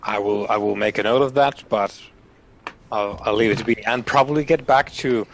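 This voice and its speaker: A man's voice: fairly low pitch, moderate pace. A man playing a tabletop role-playing game, talking casually and rambling a little. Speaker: player. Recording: distant mic with faint hiss.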